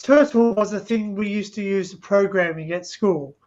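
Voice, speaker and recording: Chatty high-voiced man, lo-fi audio. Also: normal speed, darkish tone, slight background noise. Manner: rambling, laughing storyteller. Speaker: stream host. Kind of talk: casual chat.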